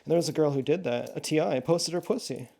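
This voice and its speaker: A man's voice: fairly high pitch, fast talker, creaky, darkish tone. Rambling, profane man talking to camera. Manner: meandering, profane, muttering asides. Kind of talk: rambling casual monologue. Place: at home indoors.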